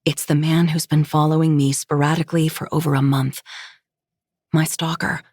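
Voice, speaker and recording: Low-pitched woman narrating a story, dry close sound, steady pace. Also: moderate pace, slightly rough, no room sound. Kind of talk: first-person story narration.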